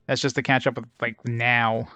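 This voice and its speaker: A man's voice: mid-range voice, flat delivery, normal speed, pushed and bright, clear, resonant tone, dry recording. A man hosting a let's play, giving casual, rambling and wry gameplay commentary. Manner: rambling, wry, filler-heavy.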